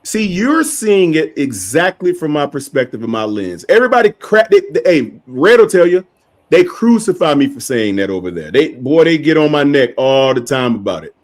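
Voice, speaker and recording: Male co-host, sports talk, lively and excitable, high voice with big swings. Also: moderate pace. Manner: animated, excitable, talks over others. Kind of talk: casual sports debate.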